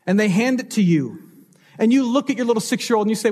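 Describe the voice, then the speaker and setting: A man's voice: high-pitched, expressive, a little fast, breathy edge. A man preaching a sermon as pastor, telling stories and asking rhetorical questions with changing emphasis.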